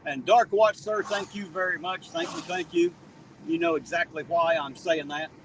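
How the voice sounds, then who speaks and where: This livestream host is out on a town street after rain at night, reading viewer chat, joking, and saying hello to people by name. He speaks at a normal speed in a somewhat high, slightly bright voice with fairly even intonation. Faint street sounds come through a slightly distant mic.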